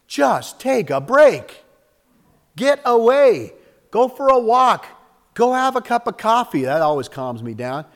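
A man preaching a sermon with lots of energy, acting out little scenes and jumping up and down in pitch and loudness. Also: in a large hall. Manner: animated, acts out little scenes with sudden jumps in pitch and volume. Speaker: pastor.

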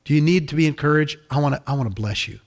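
A man voicing a tender, loving divine father in a sermon, speaking softly and coaxingly. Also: fairly high pitch, very fast. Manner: soft, hushed, coaxing.

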